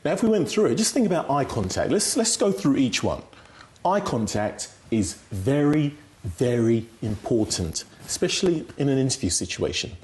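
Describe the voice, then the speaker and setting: A man's voice: mid-range voice, big pitch swings, moderate pace, darkish tone. A man explaining communication skills as a guest on a talk show, emphatic and instructive, often checking in with "right?". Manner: instructive, emphatic, frequent "right?" tag questions.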